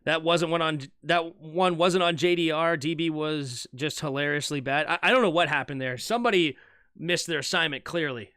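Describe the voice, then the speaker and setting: A man's voice: on the high side, clear, resonant tone, dry recording, clean studio sound. A young man streaming live fan play-by-play of an American football game, calling each snap and chatting with his viewers. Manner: animated, fast shifts between calling plays and chatting.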